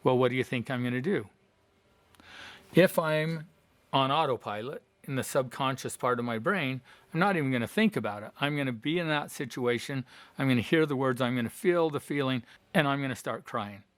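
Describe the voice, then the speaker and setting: A man's voice: medium pitch, fairly quick, dry recording. A middle-aged man giving an earnest motivational talk, explaining with personal stories and questions to the viewer. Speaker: life coach.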